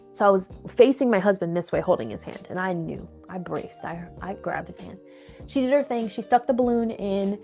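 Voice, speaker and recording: A young woman telling a personal story to camera in a candid, animated way, acting out what people said. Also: medium pitch. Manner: candid, animated retelling with acted quotes. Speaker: vlogger.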